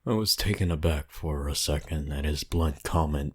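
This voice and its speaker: A man narrating a horror story in a slow, measured, somber reading voice. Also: extremely low pitch, darkish tone, slightly rough. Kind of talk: scripted narration.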